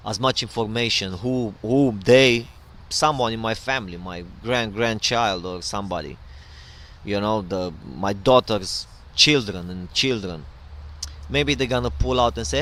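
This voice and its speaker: A man's voice: fairly low pitch, fairly bright tone. Rambling middle-aged podcast host, man. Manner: rambling, loose and digressive with many fillers. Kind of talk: casual solo monologue.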